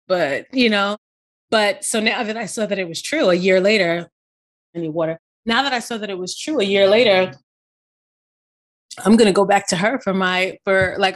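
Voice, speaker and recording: A woman's voice: mid-range voice, normal speed. A middle-aged woman telling a personal story in casual conversation, full of "you know" and "right?" asides. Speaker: podcast co-host.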